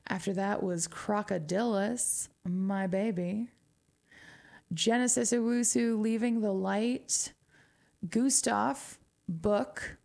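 Slow, gravelly woman DJ with Southwestern twang. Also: medium pitch, a little mellow. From New Mexico, US Southwest. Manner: chatty, wry, drawn-out pauses, laughs often. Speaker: radio DJ. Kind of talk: casual radio DJ chat.

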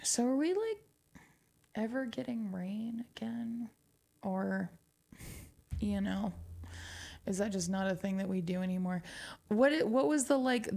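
A woman's voice: mid-range voice, creaky, darkish tone. A woman from New Mexico with a Southwestern twang, chatting casually as a radio DJ between songs, wry and laughing often.

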